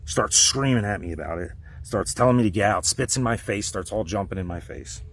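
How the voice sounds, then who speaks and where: Heated man venting, low voice. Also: a little fast, a little hiss or hum. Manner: heated, profane, rambling venting with sudden loud outbursts. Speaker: vlogger telling a personal story. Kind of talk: casual storytelling rant.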